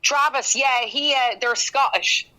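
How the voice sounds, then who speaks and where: An Irish woman in a casual podcast chat, talky and quick to laugh, with lots of fillers. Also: high-pitched, sharp tone, low-quality recording. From Ireland. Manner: chatty, laughs often, halting with fillers. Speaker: guest singer-songwriter.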